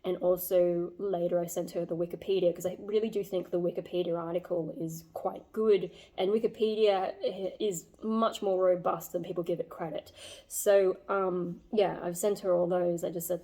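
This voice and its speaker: A woman's voice: lowish voice, level tone, moderate pace, dark tone. A young woman telling a personal story to her vlog audience, rambling with many fillers and reflecting earnestly on herself. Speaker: vlogger.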